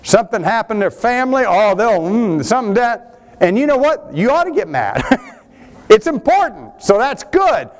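Guy preaching, voice a bit high and all over the place, big swings between loud and low. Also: moderate pace. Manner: animated preaching, rising and falling with emphasis. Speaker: pastor. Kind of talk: sermon.

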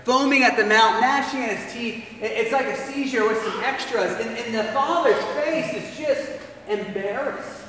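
Animated high-voiced preacher in an echoey hall. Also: male voice, moderate pace, a little hiss or hum. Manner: animated, acts out the story's voices. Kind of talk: sermon retelling a Bible story. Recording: echoey hall, recorded from far off.

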